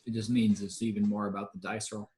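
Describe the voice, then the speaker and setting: A man playing in a tabletop game, speaking in a slow, laid-back, casual way. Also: fairly low pitch, flat delivery, mellow. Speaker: player.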